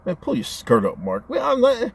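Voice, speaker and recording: A man's voice: extremely high pitch, wildly swooping pitch, moderate pace, gravelly, slightly rough. A man ranting on his own channel in a casual, profane, rambling way, often stammering as he restarts his sentences. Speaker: vlogger. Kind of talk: casual rant to camera.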